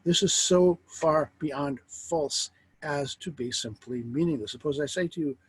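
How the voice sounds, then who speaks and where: A middle-aged man teaching a philosophy lecture in a wry, lively way, asking rhetorical questions. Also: on the high side, moderate pace, husky, low-quality recording.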